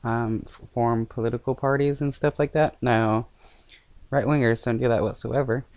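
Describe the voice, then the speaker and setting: A man talks back at a news clip, stumbling through fillers and restarts as he scoffs at it. His pitch sits in the middle of the range. The recording is dry and close. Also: fairly even intonation, normal speed, darkish tone, no echo. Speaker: commentator reacting to a news clip. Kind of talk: casual reaction commentary.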